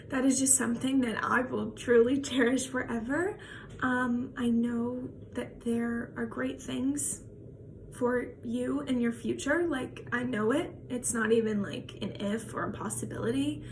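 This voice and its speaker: Young woman, acting student, gushing farewell, slightly high voice, audible background noise. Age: young adult. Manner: gushing, many fillers. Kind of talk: recorded farewell message.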